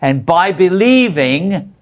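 A man's voice: high voice, slow pace, crowd noise. A man leading a group Bible study, asking questions and prompting others to read. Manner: animated, asks the group questions, stammers into restarts.

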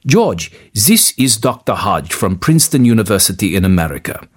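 A formal, courteous professor of divinity, speaking in measured sentences, as a male reader puts him on. The voice is husky and lively in pitch, and he moves through his words with unhurried care in this storybook telling.

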